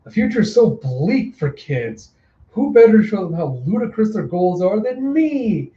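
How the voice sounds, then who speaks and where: A man's voice: high-pitched, big pitch swings, moderate pace, dark tone, echoey room, distant mic, highs cut off, voice pushed up. A man putting on a smug, mocking clown. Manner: sly, mocking. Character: mocking male clown fighter, smug and theatrical.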